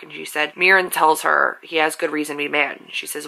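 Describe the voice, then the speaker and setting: Low gravelly woman chatting about a book on her vlog, says like a lot, gets emotional. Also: fairly even intonation, brisk, hardly any pauses, bright, forceful tone, rough recording. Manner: chatty, fills with "like", openly emotional. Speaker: author and book vlogger. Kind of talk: casual book-talk vlog.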